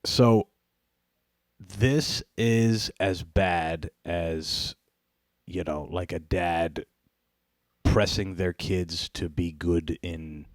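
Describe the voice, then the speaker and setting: A man's voice: low voice, extremely slow, dry recording, clean studio sound. A man hosting a casual comedy podcast, rambling and profane, laughing often. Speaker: podcast host.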